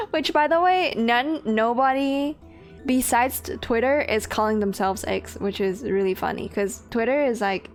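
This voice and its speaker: A young woman with a slightly high voice and a measured pace chats casually on a game stream. She rambles, swears and laughs as she greets her chat, with faint game music in the background.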